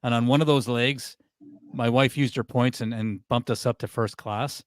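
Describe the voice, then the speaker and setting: A man hosting a comedy podcast, relaxed and easily amused as he leads the segments. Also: medium pitch, normal speed, no echo, clean studio sound. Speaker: podcast host. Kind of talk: casual podcast chat.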